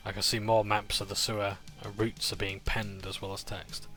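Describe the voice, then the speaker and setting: A man's voice: on the low side, flat delivery, normal speed, hardly any pauses, bright, forceful tone, soft background music. A man recapping a tabletop game session in a casual, rambling way. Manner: rambling, with fillers and restarts.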